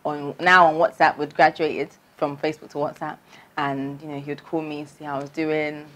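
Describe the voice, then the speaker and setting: Lively woman telling a story. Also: brisk. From London. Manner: animated storytelling, acting out her own past voice with big pitch jumps. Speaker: vlogger. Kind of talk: storytime vlog.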